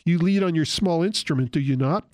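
A frail, devout elderly man speaks from his sickbed in an earnest, read-aloud tone, voiced by a man reading an account. The voice sits a little high for a man. The sound is dry and close. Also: fairly quick, darkish tone, dry recording, lightly acted.

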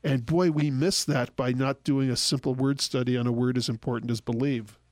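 A man explaining Bible passages in a relaxed radio talk, acting out the quoted dialogue as he goes. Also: medium pitch, moderate pace, no echo. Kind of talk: conversational Bible teaching.

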